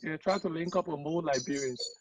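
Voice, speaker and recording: A man's voice: on the high side, fairly quick, crowd noise, poor audio. A man hosting a casual interview, upbeat and encouraging, often repeating his words. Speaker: podcast host.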